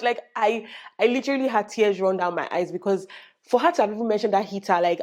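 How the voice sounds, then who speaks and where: Young woman, Nigerian accent, casual vlogger, animated storyteller with Pidgin asides. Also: mid-range voice, fast. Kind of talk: casual vlog chat.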